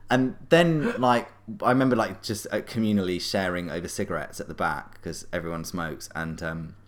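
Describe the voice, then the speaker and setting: A middle-aged man with a very deep voice tells a long anecdote as a guest. He rambles and restarts, scattering fillers as he goes. His delivery is casual and animated. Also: moderate pace. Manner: rambling, animated, full of fillers and self-corrections. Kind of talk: casual storytelling.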